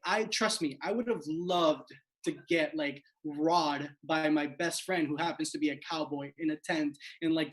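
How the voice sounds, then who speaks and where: A man's voice: high voice, rough recording. A man in his late twenties from South Florida, hosting and telling a self-mocking stand-up story over a video call, full of "like.". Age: late 20s. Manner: chatty, peppered with "like", self-mocking. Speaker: host and stand-up comedian.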